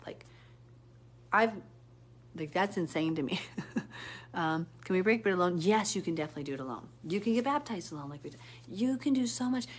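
Chatty woman hosting a live stream. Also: a little hiss or hum. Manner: chatty and rambling, answering viewer comments; animated storytelling with sudden pitch jumps. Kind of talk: casual live-stream chat.

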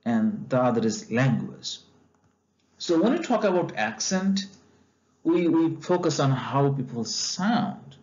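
A man walks through a textbook chapter at an unhurried, careful pace, stopping often for fillers and restarts. His voice sits in a middle register. The recording is somewhat dull and lo-fi. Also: mid-range voice, a little mellow. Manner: slow and deliberate, frequent fillers and restarts. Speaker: lecturer.

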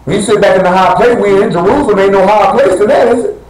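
A man's voice: high voice, fast, darkish tone, reverberant, poor audio. A man preaching a sermon to his congregation in a blunt, conversational way, questioning the listeners directly. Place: church assembly hall.

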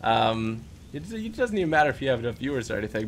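A young man hosting a game live stream, chatting casually and giving quick, upbeat shout-outs with some stumbles. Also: medium pitch, sing-song. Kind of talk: casual live-stream chat, reading out super chats.

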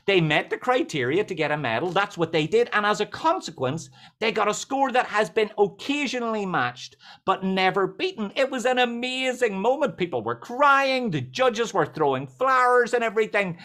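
A man giving a motivational talk on a video call, telling stories with lively jokes. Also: sits high. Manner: lively, joking storyteller. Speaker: speaker.

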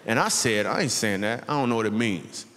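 A man's voice: on the low side, expressive, brisk, fairly bright tone. A man in his thirties doing a stand-up comedy set in a church, telling a story and acting out the voices. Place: large church auditorium. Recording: reverberant hall, faint ambience.

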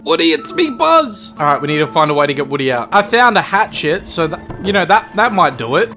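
A man doing excited game commentary, yelling and laughing as he plays. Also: fairly high pitch, fast. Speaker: gaming YouTuber. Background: game music.

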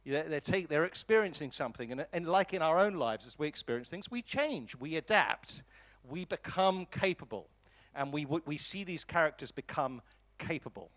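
A man giving a master class lecture to film students, talking with lively enthusiasm and often restarting his sentences. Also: medium pitch. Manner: animated and enthusiastic, voice jumps up when excited; frequent restarts and repeated words.

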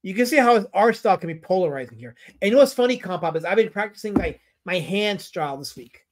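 A man's voice: high voice, lively intonation, quick pace. A man hosting a casual livestream about comic artists, rambling, answering his chat and putting on playful mock outrage.

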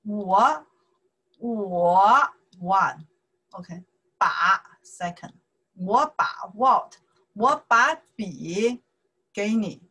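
A woman with a Chinese accent, a native Chinese speaker, teaching a casual language lesson in slow, repetitive steps and checking "okay?" after each point. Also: mid-range voice, animated, sharp tone, breathy edge, rough recording. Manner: slow, repeats words, says okay often.

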